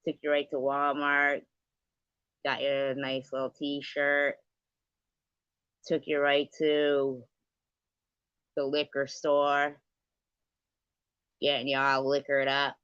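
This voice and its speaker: A woman's voice: low voice, monotone, takes it slowly, long pauses, fairly bright tone, clear, resonant tone, dry recording. A woman hosting a casual livestream, rambling and sarcastic in a gossipy, profane rant. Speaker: livestream host. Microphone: livestream setup. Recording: dull lo-fi sound.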